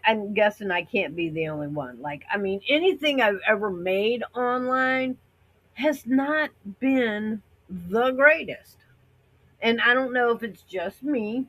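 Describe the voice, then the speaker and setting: Her voice high-ish and fairly bright, this middle-aged American vlogger rambles chattily to her viewers and mimics other people's reactions. The recording quality is low.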